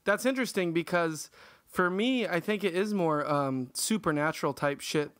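A man's voice: a little high, moderate pace, a bit bright, clear, resonant tone, no room sound, studio quality. A young man co-hosting a podcast, chatting in a laid-back, joking way. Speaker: podcast co-host. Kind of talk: casual chat.

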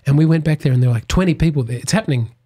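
A man's voice: on the high side, rapid-fire, warm tone, slightly rough. Wry Australian man, casual podcast chat. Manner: wry, joking, rambling asides. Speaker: comedian guest.

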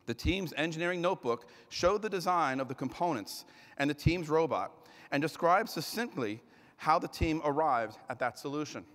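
Energetic male awards emcee in an echoey arena. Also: a little high. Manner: energetic, loud announcing with slips and self-corrections. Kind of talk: announcing awards on stage. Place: large arena ceremony.

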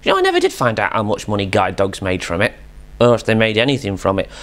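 A man's voice: fairly low pitch, wildly swooping pitch, quick pace, fairly bright tone. A British man hosting a retro gaming channel, telling a rambling, jokey story with self-deprecating asides.

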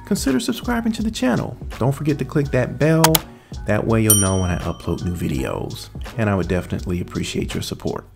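Low-voiced, chatty gadget reviewer man. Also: expressive, a little fast, creaky, loud music behind the voice. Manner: upbeat, chatty, addresses viewers directly. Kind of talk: casual product review chat. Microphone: USB condenser mic on boom arm.

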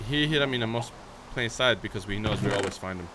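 A young man with a lowish voice narrates a Minecraft let's play, talking quickly with few pauses over a very noisy background. This gaming YouTuber chats playfully with his viewers and keeps bursting into shrieks, squeals, and baby talk aimed at his horse.

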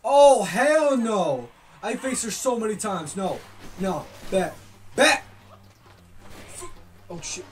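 A gaming YouTuber giving loud, excitable commentary, yelling and swearing at opponents while playing. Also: mid-range voice, takes it slowly, long pauses, far from the mic, slight background noise.

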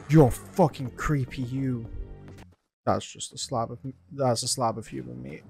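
A man's voice: medium pitch, a little slow, creaky, darkish tone, faint music behind. Jumpy swearing man playing a game. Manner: jumpy, swears often, talks to himself and to game characters. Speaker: gaming video host. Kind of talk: let's play commentary.

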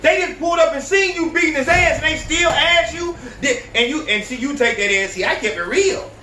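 Podcast host, high-pitched man, profane animated ranting, echoey room with faint hiss. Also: fairly quick, far from the mic. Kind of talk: profane reaction commentary.

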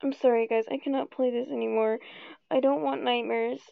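A woman's voice: on the high side, fairly even intonation, brisk, vocal fry, no room sound. A young woman gaming a horror game, nervous and trash-talking, sighing and pleading between jump scares. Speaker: gamer reacting to a horror game. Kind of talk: frightened gameplay commentary. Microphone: phone. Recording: tinny phone-like screen recording.

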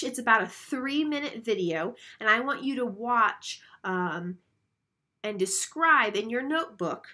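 A woman's voice: medium pitch, sharp tone. Female instructor, recorded lecture, explanatory delivery, frequent "okay?" check-ins. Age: adult, a mother.

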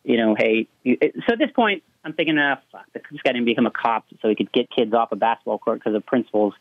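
A man, a youth basketball coach calling in, telling a story in a heated, halting way with many fillers, heard over a tinny phone line. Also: medium pitch, dry recording. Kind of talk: casual storytelling.

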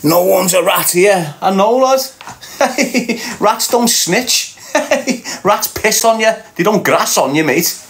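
A man's voice: high-pitched, expressive, takes it slowly. Mocking Scouse man on a livestream. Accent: Liverpool Scouse. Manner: mocking banter, laughs often, talks back to chat. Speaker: livestream host. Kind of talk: casual livestream chat reading comments.

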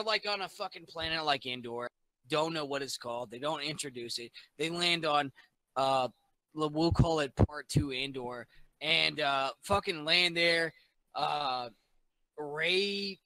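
A tipsy man in casual chat, retelling a movie plot in a rambling, profane, animated way. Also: fairly high pitch, no echo, rough recording. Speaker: podcast guest.

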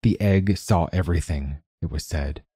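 A man narrating a fiction story in a measured, even storytelling voice. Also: deep voice, husky, dry recording.

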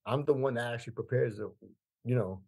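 A man in his fifties from Queens, New York, tells a personal story as a podcast guest in a conversational style. His mid-range voice is fast, darkish, and slightly rough, and he speaks emphatically, repeating phrases for weight.

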